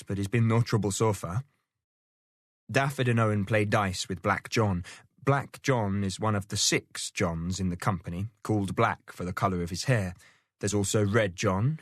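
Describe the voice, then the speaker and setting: Low-voiced man narrating a novel. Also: no room sound, studio quality. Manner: steady storytelling, lifts pitch for quoted characters. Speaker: audiobook narrator. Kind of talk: scripted narration.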